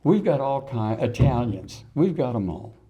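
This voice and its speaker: A man's voice: medium pitch, big pitch swings, moderate pace, warm tone, highs cut off. An older man giving a folksy history lecture, telling stories and asking the audience rhetorical questions. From Texas. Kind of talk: public lecture.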